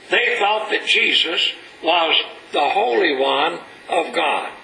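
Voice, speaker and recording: A male preacher gives a slow, emphatic sermon, reading scripture aloud in a rising voice that is high, strikingly bright, animated, and touched with vocal fry. He stresses the scripture heavily, while the church room echoes over a faint hiss.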